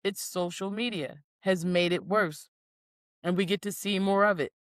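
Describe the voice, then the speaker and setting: A woman's voice: mid-range voice, normal speed, dry recording. A woman in her forties co-hosts a casual podcast chat. She tells stories with lots of energy and acts out little quoted scenes. Her voice sits mid-range and the sound is close and dry. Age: 40s. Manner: animated storyteller, acts out quotes. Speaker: podcast co-host.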